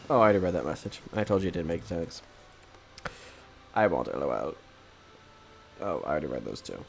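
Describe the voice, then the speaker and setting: A man's voice: deep voice, expressive, fairly quick, gravelly, long pauses, a little hiss or hum. A man streaming a strategy game, chatting with viewers in a rambling, self-deprecating way with lots of hesitations into a desk microphone. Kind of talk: casual live-stream chat with viewers.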